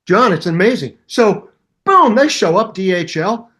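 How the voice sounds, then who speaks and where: An older man chats as an interview guest with a fairly high voice. He tells his stories with a lot of energy, acting out other people's voices and sounds as he goes. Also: a little slow. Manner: animated storyteller, mimics voices and sounds. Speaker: guest musician. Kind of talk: casual interview chat.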